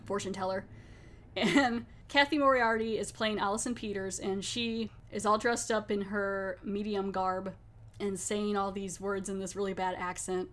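A woman's voice: mid-range voice, fairly even intonation, moderate pace. A woman hosting a podcast, talking in a chatty, rambling way and laughing often. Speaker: podcast host. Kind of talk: casual chat.

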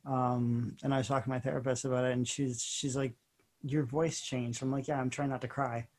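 A woman co-hosting a casual podcast, dry and sympathetic, soft-spoken. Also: rumbling low, level tone, fast talker. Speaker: podcast co-host. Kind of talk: casual chat.

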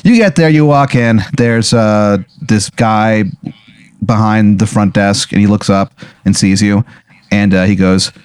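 A man's voice: fairly low pitch, fairly even intonation, unhurried, a little mellow, clear, resonant tone, no echo. A man running an improvised comedy role-play as game master, rambling along with lots of filler words.

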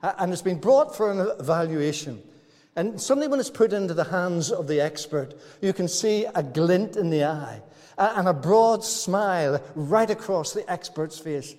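A man's voice: sits high, animated, moderate pace, a little mellow. A man preaching a sermon in a church, talking to the congregation in a folksy, good-humored way. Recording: church hall reverb.

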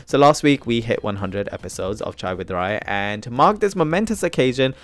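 A man hosting his podcast, chatty and animated, swinging from loud bursts to quiet asides. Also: lowish voice, fairly quick, no room sound, soft background music. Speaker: podcast host. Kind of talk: solo podcast intro.

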